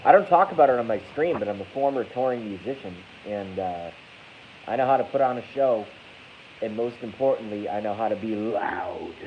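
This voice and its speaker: A man with a lowish voice hosts a livestream, talking a little fast as he rambles and makes crude, self-mocking jokes. He reads out comments from the chat. The audio is dull, lo-fi, and faintly hissy.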